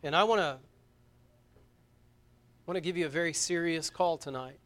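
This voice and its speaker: Guy preaching at church, kinda high voice, gets loud then drops real quiet, repeats his words a lot. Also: moderate pace. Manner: earnest, repeats words, swings from loud urgency to hushed close. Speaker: pastor. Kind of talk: sermon. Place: church service.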